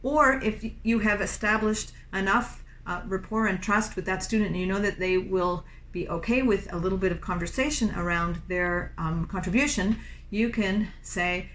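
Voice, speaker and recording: A middle-aged woman talks teachers through a classroom singing game in a patient, encouraging way. Her voice sits at a middle pitch, and she breaks into short sung phrases now and then. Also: normal speed, fairly bright tone, a little hiss or hum. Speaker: music teacher. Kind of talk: instructional talk with sung demonstrations.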